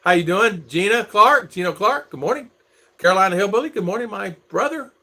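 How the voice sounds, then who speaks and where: Man, middle-aged, livestream host, chatty, greets viewers by name, bouncy pitch. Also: lively intonation, brisk, crowd noise. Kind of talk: casual livestream chat.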